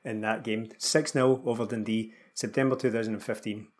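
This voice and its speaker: A Scottish man with a slightly husky voice chats on a football podcast. His delivery is dry and wry, full of teasing asides. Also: on the low side, steady tone, brisk. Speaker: podcast co-host. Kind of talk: casual football podcast chat.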